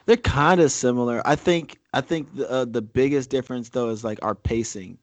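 A man's voice: medium pitch, normal speed. A man in casual conversation as a co-host, rambling with frequent fillers and restarts, and reading a speech aloud. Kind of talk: casual chat.

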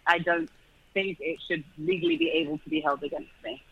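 A man's voice: sits high, big pitch swings, brisk, creaky, highs cut off. A man with a British accent, chatting as an interview guest, restarting his sentences and laughing easily. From Britain. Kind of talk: casual interview chat.

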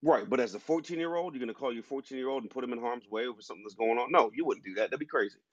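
A podcast host argues his view emphatically in an opinionated discussion, speaking rapid-fire in a medium-pitched voice. There's no room sound, though the recording is dull and lo-fi.

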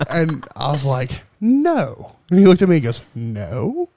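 A man's voice: fairly high pitch, normal speed, warm tone, slight background noise. A young man co-hosting a podcast, telling stories in casual chat with lots of swearing and laughter, acting out the voices of the people in them. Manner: profane, laughing storyteller who acts out voices. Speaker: podcast co-host.

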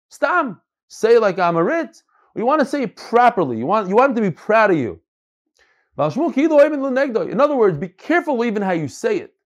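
A man teaching a Talmud class, reading passages aloud and explaining them, often repeating words as he searches for phrasing. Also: high voice.

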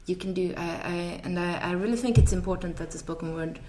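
A woman's voice: on the low side, brisk, echoey room, very noisy. A woman poet speaking on a panel, plainspoken and repeating her points. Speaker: spoken word poet on a panel. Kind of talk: panel discussion.

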